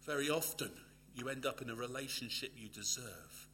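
A man delivering a sermon in a bright, forceful voice. He builds to loud emphatic peaks, then sinks to an intimate near-whisper, repeating key phrases for weight. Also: medium pitch, moderate pace, hardly any pauses, a little hiss or hum. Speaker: preacher.

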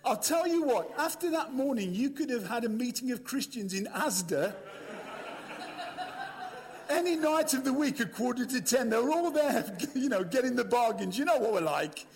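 An older British man delivers a storytelling sermon to a live audience in a large hall, chatty and funny, addressing them directly. His British English voice is extremely high-pitched and expressive, with vocal fry, at a moderate pace, and the recording echoes around the hall.

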